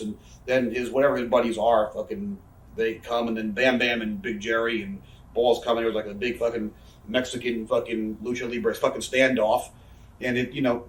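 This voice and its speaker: Swearing constantly and rambling with frequent fillers, a quick-talking pro wrestler in his 30s shares candid, casual stories as an interview guest. His medium-pitched voice sits a bit off-mic on a distant mic, with roomy echo.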